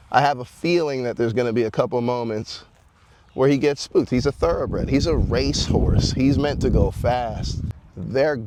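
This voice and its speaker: A man's voice: mid-range voice, darkish tone, slight background noise. Laid-back man talking outdoors. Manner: laid-back, casual slang, soothing horse talk. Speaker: horse owner showing his horse. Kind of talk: casual vlog talk.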